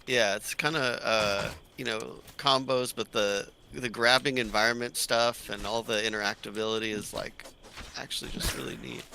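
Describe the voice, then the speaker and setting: A man's voice: mid-range voice, fairly even intonation, moderate pace, vocal fry, sharp tone, a little hiss or hum. A man co-hosting a gaming stream, chatting casually in a rambling way with lots of fillers, over a voice chat mic. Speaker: stream co-host and gamer.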